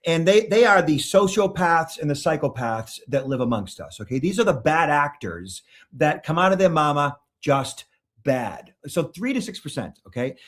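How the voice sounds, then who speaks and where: A man's voice: a little high, animated, moderate pace. A middle-aged man with a Boston accent answering interview questions bluntly and emphatically, often checking in with "okay?". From Boston, Massachusetts. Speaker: guest, security expert.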